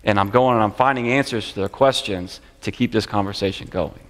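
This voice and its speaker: A man's voice: lowish voice, fairly quick, a bit bright. A man teaching a church class, speaking in an earnest, conversational way and often repeating phrases. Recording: long church hall reverb.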